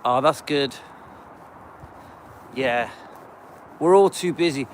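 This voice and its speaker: A man's voice: medium pitch, takes it slowly, a little hiss or hum. A middle-aged man, chatting casually to his viewers on a live stream while he walks his dog along a street, rambling with loose asides and many ums. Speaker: channel host. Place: outdoors on a residential street, walking a dog.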